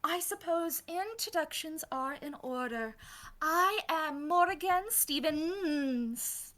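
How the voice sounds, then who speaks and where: A woman voicing an elegant, doting female toon vampire in a hushed, sweet, lilting way. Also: high voice, expressive, takes it slowly, pitched above the performer's own voice, full character voice.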